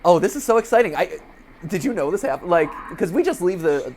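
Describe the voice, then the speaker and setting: A woman hosting a gaming show, giving excitable let's-play commentary, with lots of laughs and restarts. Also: on the low side, a little fast.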